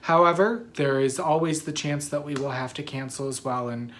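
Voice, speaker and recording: A woman's voice: very deep voice, normal speed, slight background noise. A sleepy woman hosts her knitting show in loose, rambling chat. She drifts between thoughts, yawns, and keeps apologizing for it. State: sleepy, yawning. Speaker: knitting podcast host. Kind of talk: casual chat.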